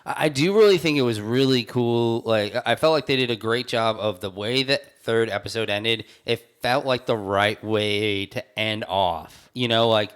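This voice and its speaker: A man's voice: fairly low pitch, moderate pace, hardly any pauses, smooth. A man co-hosting a podcast, chatting casually and rambling with many restarts. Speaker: podcast co-host. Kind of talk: casual chat.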